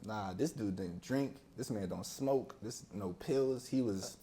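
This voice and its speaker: A young man, a podcast guest, telling stories from his childhood in a casual, animated way, acting out other people's voices and laughing often. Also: on the low side, unhurried, over a noisy crowd. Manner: animated storyteller who acts out friends' voices. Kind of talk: casual storytelling interview.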